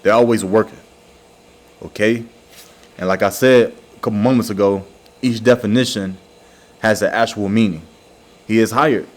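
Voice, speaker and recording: A man giving an informal religious lesson, slowly repeating words and checking in with "all right" and "okay" after each point. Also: lowish voice, fairly even intonation. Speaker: religious teacher.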